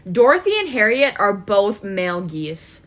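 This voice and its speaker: Young woman with a lively, bouncing voice. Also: mid-range voice. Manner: lively, quick to correct others. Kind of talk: casual family chat.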